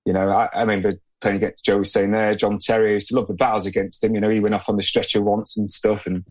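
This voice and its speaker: A man who is a podcast guest, answering in a relaxed, plain-spoken way and often hedging with "I guess". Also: lowish voice, fast talker. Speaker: podcast guest, former footballer. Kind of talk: casual interview answers.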